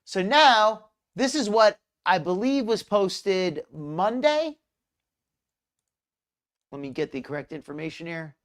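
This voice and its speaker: Chatty live-stream host with lively pitch. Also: takes it slowly. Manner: rambling, chatty, greets chat viewers by name, frequent restarts. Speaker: host of a live commentary show. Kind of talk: casual live-stream commentary.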